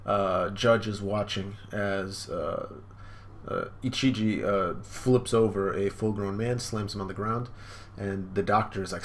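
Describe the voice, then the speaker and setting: A man's voice: fairly low pitch, steady tone, unhurried, slight background noise. A man streaming a live manga reaction from home, casually describing panels with lots of fillers. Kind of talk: live reaction, reading aloud.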